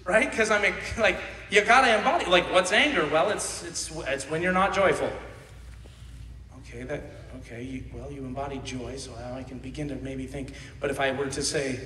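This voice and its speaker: A man in his thirties preaching with real animation, his bright, fairly high voice rising to shouts and falling to quiet asides. He laughs easily. He is picked up from a distance in a long, echoing hall, with faint room hum behind. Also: normal speed. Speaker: pastor. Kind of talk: sermon. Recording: echoey hall from far off.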